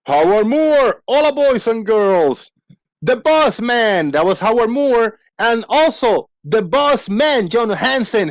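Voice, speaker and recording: A man hosting a casual livestream, rambling playfully and reading out shout-outs to viewers. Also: extremely high pitch, no room sound, clean studio sound. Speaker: livestream host. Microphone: desk microphone.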